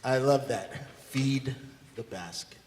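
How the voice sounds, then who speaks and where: A man telling a wry personal anecdote with relaxed hesitations during a church service. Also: mid-range voice, slow pace, slight background noise. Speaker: tuba player and storyteller. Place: church sanctuary. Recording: long hall reverb.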